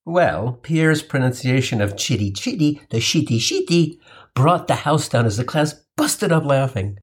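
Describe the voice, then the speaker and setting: A man's voice: medium pitch, expressive, normal speed, slightly rough. A man telling a comic personal story in an irreverent, profane style, with wry asides.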